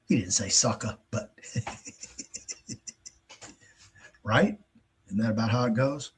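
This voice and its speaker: A man's voice: mid-range voice, big pitch swings, takes it slowly, long pauses, breathy edge. A man hosting his own show in a casual, rambling monologue, blunt and heavy on profanity. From United States. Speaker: host.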